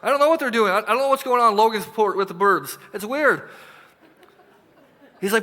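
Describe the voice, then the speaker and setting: A man preaching a sermon as pastor, animated and acting out little dialogues, now and then dropping to a hushed, intense tone. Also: sits high, fairly quick, pauses often, long reverb tail. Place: church sanctuary.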